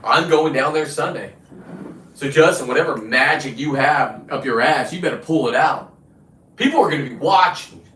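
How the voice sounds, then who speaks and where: A man's voice: fairly high pitch, animated, moderate pace, a bit bright. Profane combative man in a roomy space. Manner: combative, boastful, swearing. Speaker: show host. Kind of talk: profane ranting monologue. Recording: roomy, distant from the mic.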